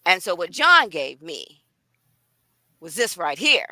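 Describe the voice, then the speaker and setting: A woman's voice: fairly low pitch, big pitch swings, unhurried, long pauses, pushed and bright, no room sound, low-quality recording. A woman author hosting a live stream, chatting enthusiastically and speaking straight to her viewers. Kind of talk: lively live-stream chat.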